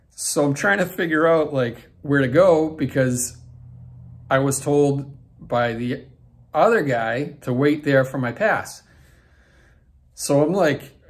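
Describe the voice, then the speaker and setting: A man's voice: mid-range voice, slow, long pauses. A man in his forties hosting his own vlog, telling a backstage story in a rambling way with many fillers and restarts. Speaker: vlog host. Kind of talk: casual storytelling.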